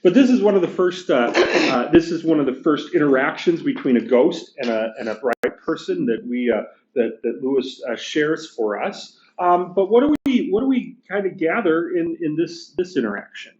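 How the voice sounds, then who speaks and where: A man leading a church study class who talks in a halting way, with many fillers and restarts. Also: fairly high pitch, animated, darkish tone, a little hiss or hum. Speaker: class leader. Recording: echoey room, dull lo-fi sound.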